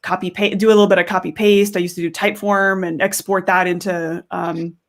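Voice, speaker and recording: A woman's voice: lowish voice, flat delivery, a little fast. Upbeat Canadian woman on a call. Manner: upbeat, laughs often, restarts phrases. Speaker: guest. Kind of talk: casual interview chat.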